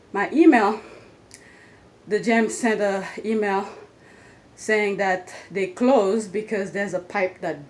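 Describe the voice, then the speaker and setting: A woman, a mother, talking through her day in a casual vlog at home, rambling with fillers and restarts. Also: mid-range voice. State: out of breath after climbing stairs. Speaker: vlogger, mother.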